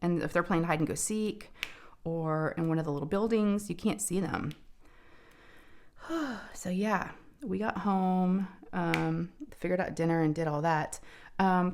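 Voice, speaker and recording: Chatty woman with a lowish voice. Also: a little mellow, a little hiss or hum. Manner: chatty, addresses viewers as y'all, many fillers. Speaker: crafting vlogger. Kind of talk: casual storytelling while diamond painting.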